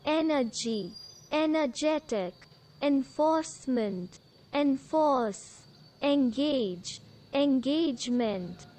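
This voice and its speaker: A woman reads an English word list aloud, one word at a time, with a pause after each. Her voice sits high, and she goes very slowly and deliberately, like a vocabulary drill. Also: darkish tone, poor audio. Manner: says single words one at a time with pauses.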